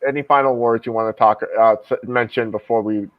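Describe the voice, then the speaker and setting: A man's voice: medium pitch, steady tone, brisk, no echo. A man hosting a casual interview, speaking hesitantly and reassuringly, with many restarts. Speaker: host. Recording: dull, lo-fi sound.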